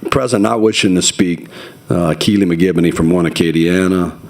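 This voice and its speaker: Very deep-voiced man chairing a hearing. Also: darkish tone. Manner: halting, filler-heavy. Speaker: committee chairman.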